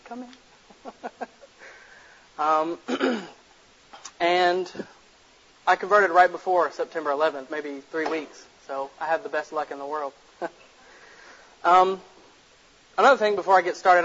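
A man's voice: fairly high pitch, unhurried, long pauses, a bit bright. A man giving a casual public lecture to an audience, blunt and direct, telling jokes and stories. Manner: blunt, direct, jokey storyteller. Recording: muffled lo-fi recording.

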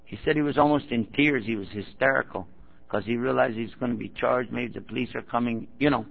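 A man's voice: mid-range voice, fairly even intonation, a little fast, vocal fry. A man preaching to an audience, telling a story and acting out the people in it, now and then prodding the listeners directly. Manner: acts out quoted speakers in his stories; addresses the audience directly and prods them. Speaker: Muslim preacher. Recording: tinny phone-like recording.

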